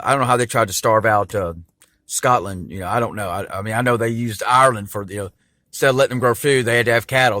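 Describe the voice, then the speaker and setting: A man's voice: medium pitch, fairly bright tone, no room sound. Rambling man in a dry close recording. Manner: rambling, many fillers and restarts. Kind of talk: rambling monologue.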